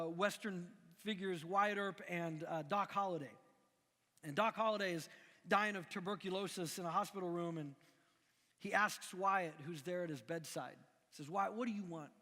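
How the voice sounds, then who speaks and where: A middle-aged man from Missouri preaches with a high, lively voice, talking to the room like a friend and often restarting his sentences. A long echo rolls through the hall behind him. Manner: animated, conversational, frequent restarts. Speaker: pastor. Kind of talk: sermon. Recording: long echoing hall reverb.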